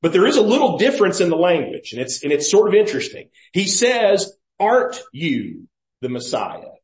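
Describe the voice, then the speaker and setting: Male pastor, sermon, conversational and questioning, fairly high voice, roomy church echo. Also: sing-song, quick pace. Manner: conversational preaching, explains and questions the listeners. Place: church sanctuary.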